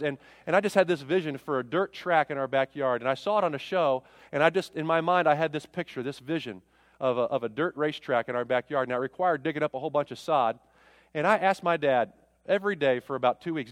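A middle-aged man preaching with a high voice, driving home his points with rhetorical questions that swell and drop. His voice comes across dry and close, with a long reverb tail from a large hall behind it. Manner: impassioned, rising and falling preaching with rhetorical questions. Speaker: pastor. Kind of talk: sermon.

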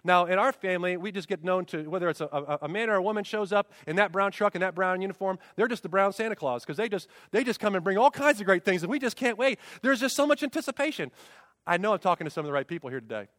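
A man with a high-pitched voice preaches a sermon. He is emphatic, throws out rhetorical questions and leans on repeated refrains. His voice carries a long reverb from a large church hall. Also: animated, fast, fairly bright tone, studio quality. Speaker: pastor.

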